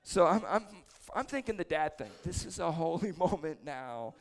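Man in his 40s, gravelly lead pastor type, slightly high voice, chatty story-driven sermon with self-deprecating humor. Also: big pitch swings, moderate pace. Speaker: prayer leader preaching. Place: church service before a congregation.

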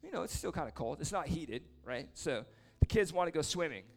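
A man preaching casually, telling a lively story and then praying over people in a church or meeting hall. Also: a little high, a little fast. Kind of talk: sermon with story and prayer.

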